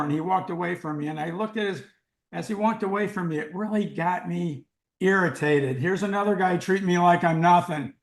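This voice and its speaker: An older man telling a dramatic life story as an interview guest, in an animated way. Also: high-pitched, fairly quick, vocal fry. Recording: roomy echo.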